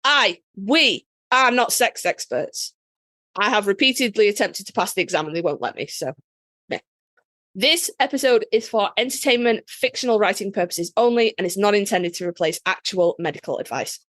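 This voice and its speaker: A woman's voice: mid-range voice, expressive, normal speed, fairly bright tone, no room sound. A woman hosting a podcast in casual chat, blunt and joking, swearing freely. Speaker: podcast host.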